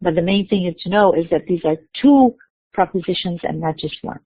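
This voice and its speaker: A woman's voice: fairly low pitch, moderate pace, dry recording. A woman giving a university lecture, explaining step by step, asking and answering her own questions and often restarting words. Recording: dry, tinny phone-like lecture recording.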